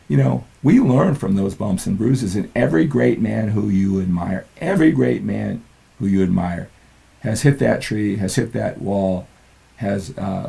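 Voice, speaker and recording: Older male coach, very gravelly and mellow, earnest motivational talk, keeps asking "right?". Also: low-pitched. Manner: earnest, peppers lines with "right?". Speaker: fitness and mindset coach.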